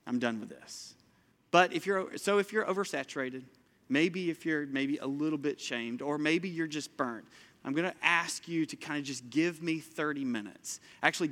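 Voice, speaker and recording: A man preaching a sermon from a church stage in a lively, conversational way, talking straight to the congregation. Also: medium pitch. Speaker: pastor. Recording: long hall reverb.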